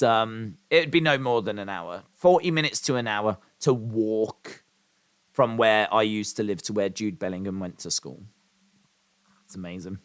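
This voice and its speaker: A man's voice: fairly low pitch, dry recording. Rambling man reading chat. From English Midlands. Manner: rambling, reads out and answers chat comments. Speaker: live stream host. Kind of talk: casual live-stream chat.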